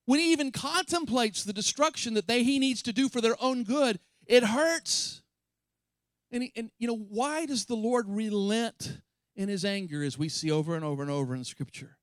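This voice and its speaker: A pastor preaches a passionate, emphatic sermon with chatty asides to his congregation, his lively intonation rising to high, impassioned peaks when he quotes scripture. He speaks at normal speed, and the recording has no echo.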